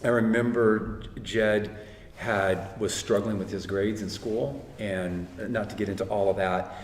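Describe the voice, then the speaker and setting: A man's voice: on the low side, fairly even intonation, a little slow, slight background noise. A middle-aged man speaking earnestly at a church gathering, telling a story and quoting others as he goes. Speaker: guest speaker. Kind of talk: conversational church talk. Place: church hall. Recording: echoey hall with long reverb, faint ambience.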